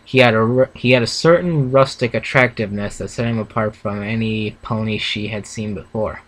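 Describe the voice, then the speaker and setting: A man's voice: lowish voice, a little fast, a bit bright, rough recording. Young man reading fanfiction aloud, stumbling. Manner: stumbling, self-correcting reading. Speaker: fanfiction reader, co-host. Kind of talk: casual read-aloud reaction.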